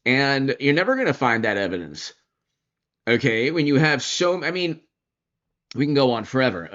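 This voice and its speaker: Animated sarcastic male commentator. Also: medium pitch, highs cut off. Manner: animated, sarcastic, mocks opponents in put-on voices. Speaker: political commentator. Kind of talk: opinion commentary monologue.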